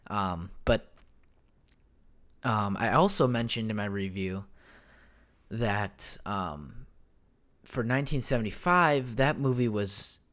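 A man's voice: lowish voice, slow pace, a bit bright. A young man hosting his own podcast at home, talking casually into a desk microphone, rambling with many fillers and self-corrections. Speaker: podcast host. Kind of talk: casual solo podcast chat. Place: home room.

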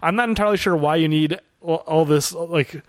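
A man casually discussing a movie, animated and sarcastic, often laughing and restarting as he mocks an actor with impressions. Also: on the high side, a little fast, no echo, studio quality. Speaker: podcast co-host.

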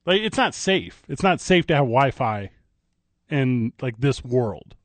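A man's voice: medium pitch, very animated, no room sound. A male sports radio host in a studio, joking and needling his co-host. His voice sits mid-range. The sound is close and dry. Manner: playful, jokey, quick to tease. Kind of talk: casual radio banter. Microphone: studio microphone.

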